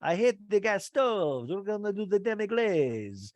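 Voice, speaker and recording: A man doing a hammy chef, high and sing-song. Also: very animated, unhurried, a little mellow, no room sound. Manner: exaggerated, sing-song, high-pitched put-on voice. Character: fussy French male chef, theatrical.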